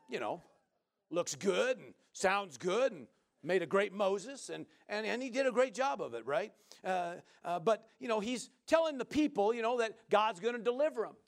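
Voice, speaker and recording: A man preaching a sermon in a folksy, joking way, often asking the listeners "right?" and swinging from loud to soft. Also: high-pitched, animated, moderate pace.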